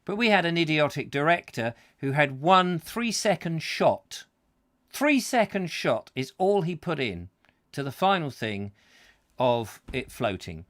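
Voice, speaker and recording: A man's voice: on the high side, very animated, a little slow, a bit bright. A man with a rambling, self-mocking manner, hosting a comic live chat show and full of fillers and asides.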